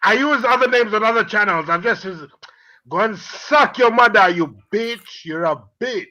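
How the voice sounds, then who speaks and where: A man calling in to a live stream, arguing, shouting insults and taunting the others. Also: sits high, normal speed. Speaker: caller. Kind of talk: heated live-stream argument.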